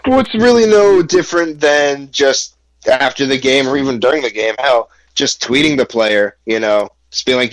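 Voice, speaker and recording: A man's voice: medium pitch, normal speed, no room sound, low-quality recording. A man from the United States co-hosting a casual sports podcast, rambling and leaning on fillers like "you know". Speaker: podcast co-host.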